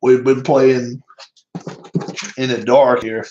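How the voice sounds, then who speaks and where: A man's voice: mid-range voice, level tone, slow, mellow, highs cut off, slight background noise. Chuckling Southern man calling a game. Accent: Southern American. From American South. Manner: chuckles often, rambling, self-deprecating. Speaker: host replaying a tabletop baseball game. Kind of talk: casual play-by-play chat.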